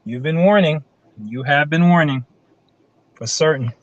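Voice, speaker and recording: A man calling in to a livestream, speaking hesitantly with many pauses and fillers. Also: on the high side, dull audio, slight background noise. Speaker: caller on a livestream.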